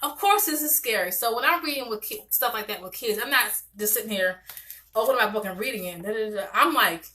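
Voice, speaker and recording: A woman therapist talks parents through her methods in a loose, conversational teaching style. Her voice has a bright, forward tone, and she stays animated, often breaking off and restarting her sentences. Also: a little high, quick pace. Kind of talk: casual teaching talk to parents.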